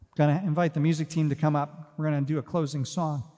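A man preaching a sermon as pastor. He talks earnestly, drops to hushed, quiet phrases and then builds to emphatic declarations. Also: on the high side, little pitch movement, fast talker. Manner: earnest, shifts from soft hushed asides to rising emphatic declarations. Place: church sanctuary. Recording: long hall reverb.

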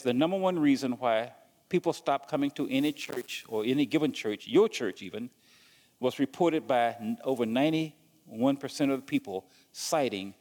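A man's voice: medium pitch, a little mellow, in a large hall. A man preaching a sermon as pastor, stumbling and repeating words as he goes and asking the congregation questions.

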